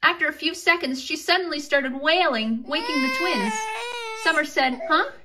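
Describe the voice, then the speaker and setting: A woman reading a homemade story aloud in a relaxed, chatty tone, with asides to her listeners. Her voice sits high and sounds bright and clear. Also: normal speed. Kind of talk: casual storytelling narration.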